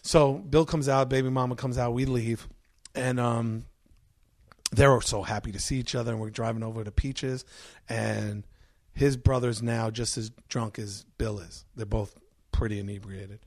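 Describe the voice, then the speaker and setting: A middle-aged man, a podcast guest, telling a story in an animated, profane way and acting out the other people's voices. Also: medium pitch, normal speed.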